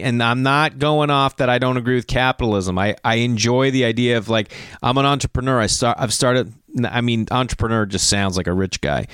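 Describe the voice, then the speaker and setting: A man's voice: mid-range voice, dry recording, clean studio sound. A middle-aged man hosting a podcast, rambling through a profane story with lots of digressions and acted-out quotes. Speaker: podcast host. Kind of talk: casual rambling monologue.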